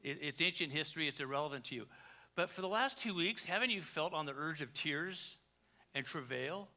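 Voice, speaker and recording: Bright-voiced pastor preaching. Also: male voice, on the high side, animated, fairly quick. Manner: conversational, joking asides, dramatic swings in volume. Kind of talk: sermon.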